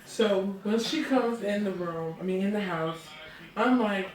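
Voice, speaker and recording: A young woman in a storytime vlog, recounting her own story in a measured, dramatic way. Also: medium pitch. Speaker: vlogger and twin sister. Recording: echoey room, distant mic, crowd noise behind.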